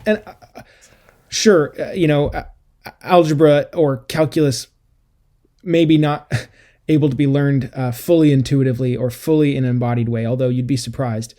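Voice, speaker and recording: Male co-host, mellow tone, casual thoughtful book chat, halting delivery. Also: mid-range voice, steady tone. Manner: thoughtful, many restarts and fillers. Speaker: podcast co-host.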